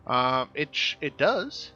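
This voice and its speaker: A man narrating as dungeon master of an online tabletop game, pausing often with fillers as he reads the rules. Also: fairly high pitch, big pitch swings, pushed and bright. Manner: hesitant, many uh fillers while reading rules. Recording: dull lo-fi voice chat with faint music.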